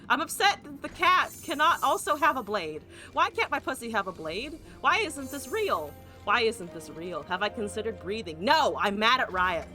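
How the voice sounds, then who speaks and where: Ranting woman streamer, lively bright voice. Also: on the high side. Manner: exasperated ranting, swearing, rhetorical questions. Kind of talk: live stream card game commentary.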